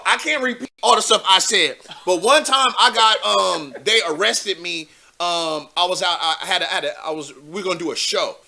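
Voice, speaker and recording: A man hosting a live call-in show, chatting casually in slang and getting animated as he tells stories. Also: high-pitched, creaky. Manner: animated, slangy, laughs while telling stories.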